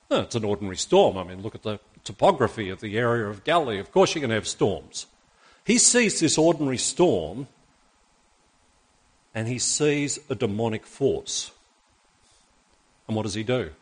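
Husky-voiced male preacher. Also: medium pitch. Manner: asks the congregation rhetorical questions. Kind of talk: sermon with Bible reading.

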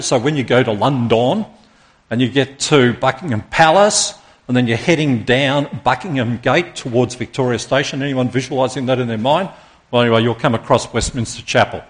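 A man preaching a sermon as pastor to his congregation, earnest and emphatic, stopping to put questions to the listeners. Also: medium pitch.

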